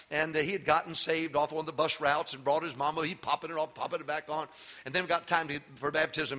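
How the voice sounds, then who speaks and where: Older man, pastor, sermon, bright tone, slightly high voice, emphatic to folksy. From Texas. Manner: preaching, rising to loud emphatic peaks, then folksy storytelling. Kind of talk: sermon with storytelling.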